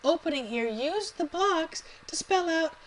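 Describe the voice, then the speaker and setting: A woman's voice: very high-pitched, lively intonation, a little slow, a crowd in the background, poor audio. A woman giving chatty play-by-play commentary on a live game match, laughing often. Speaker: tournament commentator.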